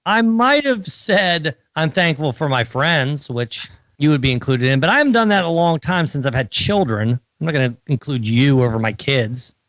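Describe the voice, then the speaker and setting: A man's voice: fairly high pitch, normal speed, few pauses, a little hiss or hum. A man, co-hosting a casual podcast, telling stories with wry teasing. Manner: animated storytelling, wry teasing. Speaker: co-host.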